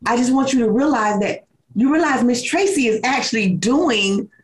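A woman's voice: on the high side, animated, normal speed, roomy sound, low-quality recording. A woman hosting a casual interview, enthusiastic and affirming, with lots of energy.

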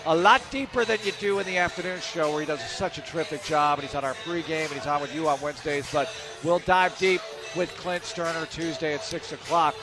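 A man's voice: fairly high pitch, brisk. Chatty male radio host. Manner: chatty, rambling, animated. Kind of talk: casual radio chat. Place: on location at a bar in London. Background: music.

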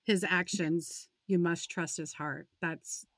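A woman's voice: lowish voice, steady tone, slow, no room sound, studio quality. A woman in her forties hosting a faith-based interview, speaking in an encouraging, conversational way. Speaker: host.

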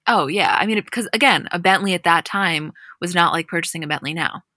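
A young woman co-hosting a podcast, casually recapping a reality show with chatty, animated storytelling. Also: fairly low pitch, brisk, no room sound, studio quality.

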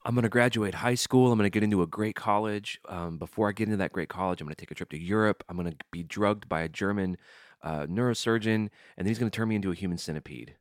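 A man's voice: lowish voice, fast talker, dry recording, clean studio sound. A middle-aged man co-hosting a podcast, casually chatting and reading listener emails aloud with easygoing asides. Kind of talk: casual comedic chat.

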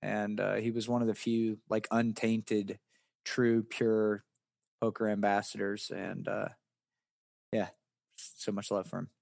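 A man's voice: fairly low pitch, flat delivery, slow, vocal fry, pauses often, a little mellow, no room sound, clean studio sound. A man from West Virginia with a Southern accent, a poker player answering interview questions in a rambling, casual way. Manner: rambling, many restarts and fillers.

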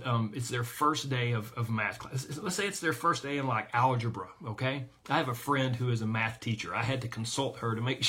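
A man's voice: mid-range voice, sharp tone. A man coaching a weight loss group, talking energetically and emphatically to his listeners.

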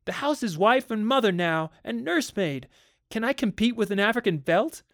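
A man reading aloud and voicing a tense, frightened housewife who speaks high and strained, near tears. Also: lively intonation, moderate pace, dry recording, clean studio sound. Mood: distraught. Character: anxious, tense housewife, adult woman.

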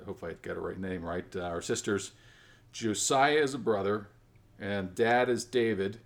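A man's voice: on the low side, normal speed. A man hosting a family tabletop game podcast, chatting casually and rambling with many self-corrections. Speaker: podcast host and game master. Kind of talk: casual chat.

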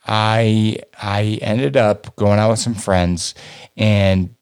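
A man telling a personal story in a casual chat, animated and profane, his voice jumping up when he acts out his younger self. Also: fairly low pitch, slow, clean tone.

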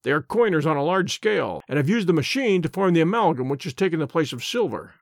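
A man reading the part of a calm, incisive detective, measured and quietly assured, slowing down on key points. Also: a little high, no room sound, studio quality. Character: calm, incisive male detective, middle-aged. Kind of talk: audiobook character reading.

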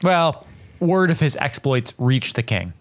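A man co-hosting a casual podcast, chiming in with dry corrections and offhand wisecracks. His voice sits at an ordinary pitch, and he keeps it relaxed and conversational. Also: a little slow. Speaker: podcast co-host.

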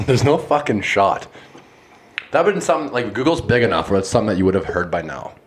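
A young man with a low voice talking in loose, quick bursts. He is blunt and swears freely while running a casual game with friends. Faint noise sits under the recording. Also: expressive.

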